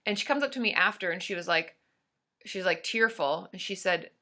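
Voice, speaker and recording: Chatty woman with a bright voice. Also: on the low side, expressive, a little fast. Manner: chatty and rambling, with many fillers and asides to viewers. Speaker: YouTube creator hosting a live stream. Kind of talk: casual live-stream chat, reading viewer comments.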